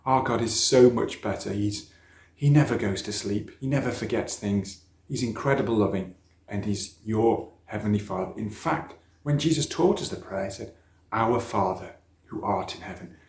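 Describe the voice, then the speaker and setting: A man's voice: on the low side, moderate pace, a little mellow. Middle-aged man, storytelling sermon, roomy church sound. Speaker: speaker at a church youth talk. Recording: echoey church room.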